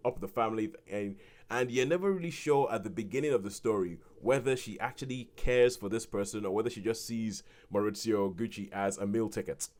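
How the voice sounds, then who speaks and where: Podcast film reviewer, male, lowish voice, chatty and digressive, with lots of false starts. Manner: rambling with many restarts, animated when quoting. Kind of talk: casual spoken film review.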